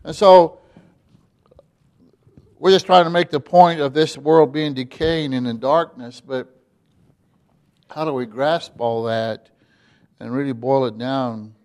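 A man preaching a sermon, emphatic, dropping quiet and then rising loud. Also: mid-range voice, takes it slowly, pauses often.

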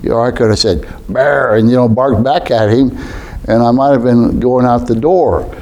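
A man's voice: medium pitch, steady tone, moderate pace, dark tone. A middle-aged man preaching a sermon in a folksy, conversational way, asking rhetorical questions.

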